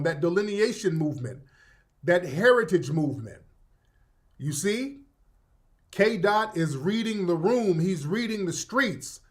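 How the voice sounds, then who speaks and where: High-voiced man hosting casual commentary. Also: fairly bright tone. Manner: loose, conversational, addressing viewers directly. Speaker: online radio host.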